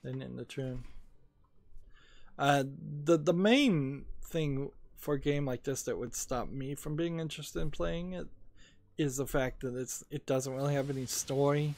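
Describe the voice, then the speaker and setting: A man's voice: mid-range voice, measured pace, darkish tone. A man casually talking over his gaming video as a small YouTube creator, rambling and hesitant with many fillers, a little sleepy.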